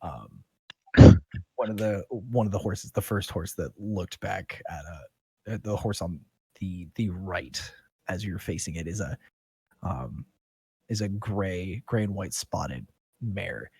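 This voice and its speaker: Brief: husky, low-voiced male game master, halting narration, dry mic. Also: animated, darkish tone, dry recording. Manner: halting, filler-heavy narration.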